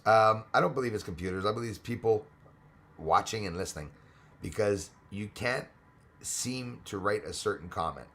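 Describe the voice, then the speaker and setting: A man's voice: on the low side, moderate pace, fairly bright tone. A man hosting a casual live stream, chatting with viewers, greeting them by name and laughing often. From Australia.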